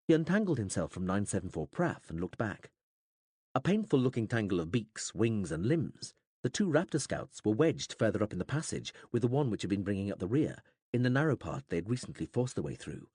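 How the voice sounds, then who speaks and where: A man reading an audiobook aloud in dramatic, expressive scripted narration. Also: lowish voice, slightly rough, dry recording, studio quality.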